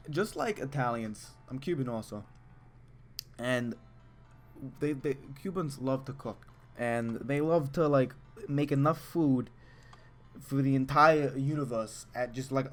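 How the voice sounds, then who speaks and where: A man giving casual, excitable, rambling commentary over a video game, full of chatty asides. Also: mid-range voice. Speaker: let's play host.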